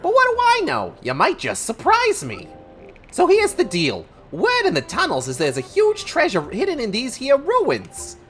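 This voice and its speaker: A woman's voice: high-pitched, huge pitch swings, normal speed, pitched above the performer's own voice. A brash, scheming male cartoon cat with a nasal, brassy voice, as a woman puts him on. The voice swoops wildly up and down, with faint music underneath.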